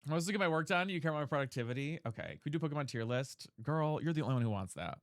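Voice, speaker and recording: A man's voice: fairly high pitch, animated, racing, no room sound, clean studio sound. A young man streamer chatting casually with his chat, reading questions aloud and explaining voice technique.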